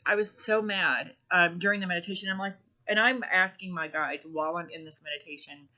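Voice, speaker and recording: A woman telling a personal story in a halting way, with many ums and restarts. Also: fairly low pitch, bright, forceful tone. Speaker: spiritual vlogger. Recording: dull lo-fi recording.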